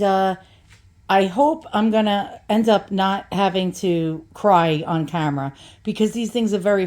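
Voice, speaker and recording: A woman talks casually to her viewers while unboxing an antique. She rambles, restarts her sentences and pokes fun at herself, in a voice of ordinary middle pitch. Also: a little mellow. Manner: chatty, self-deprecating, rambling with restarts. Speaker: antique vlogger.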